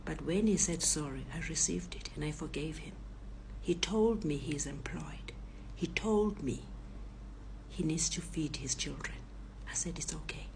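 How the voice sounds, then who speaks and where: Hushed older South African woman. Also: low voice, measured pace, gravelly, slight background noise. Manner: hushed, often whispery storytelling. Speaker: retired professor telling her story. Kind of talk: personal testimony.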